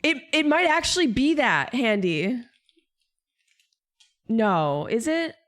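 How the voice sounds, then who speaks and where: A woman's voice: a little high, sing-song, slow, a bit bright. A young woman streamer chatting casually and jokingly, answering her chat.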